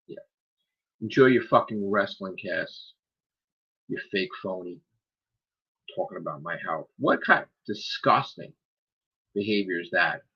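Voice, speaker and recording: A man's voice: on the low side, slightly rough, highs cut off. A man hosting his own live stream, ranting in a heated, profane, scolding way. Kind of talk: angry live-stream rant.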